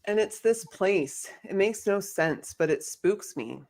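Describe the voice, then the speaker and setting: A woman reading a kind, uneasy young female camp counselor in a table read, speaking softly and hesitantly. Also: medium pitch, lively intonation, takes it slowly. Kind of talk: amateur script table read.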